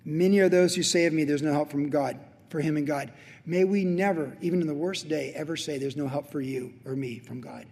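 A man preaching a sermon as a pastor, swinging from loud emphatic lines to hushed near-whispers. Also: a little high, fairly quick, long reverb tail.

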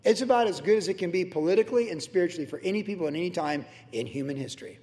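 A man preaching a sermon in an energetic, excitable way with chatty asides. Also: sits high, racing. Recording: long hall reverb.

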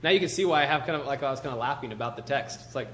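A man's voice: mid-range voice, racing, fairly bright tone, a little hiss or hum. A male pastor preaching a casual, joking sermon and reading scripture, full of "you know" and "like".

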